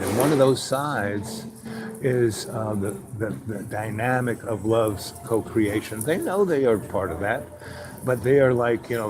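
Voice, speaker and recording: A man hosting his own show, talking in a loose, meandering monologue full of "you know" asides, sometimes acting out little conversations. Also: on the low side. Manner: acts out little dialogues with raised voice. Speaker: show host. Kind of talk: rambling casual monologue.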